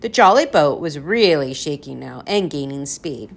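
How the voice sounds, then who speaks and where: A woman reading a children's storybook aloud in a lively, expressive way. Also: deep voice, moderate pace, gravelly. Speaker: narrator.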